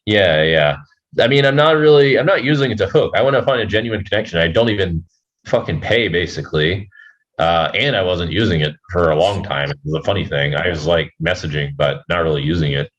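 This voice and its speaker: Male podcast guest, very low voice, rambling and profane storyteller. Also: a bit bright, dull audio. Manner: rambling, halting, swears freely. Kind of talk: casual storytelling.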